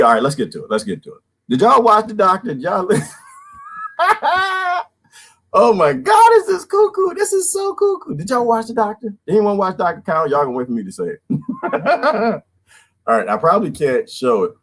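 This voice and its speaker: A man in his twenties rants casually to his livestream viewers, talking in slang and laughing often. His pitch swings widely and lively from line to line, sitting at a middle register. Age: 20s. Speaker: vlogger.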